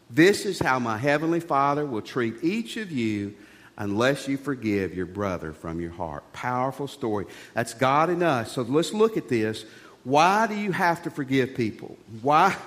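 A man preaching a sermon as a pastor, folksy and animated, with jokes and rhetorical questions. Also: on the high side. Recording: long reverb of a large hall.

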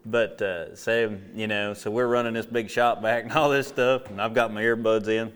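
Low-voiced man preaching casually. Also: steady tone, normal speed, fairly bright tone, clean tone. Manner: conversational storytelling with rhetorical questions; acts out his own inner dialogue. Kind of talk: casual sermon.

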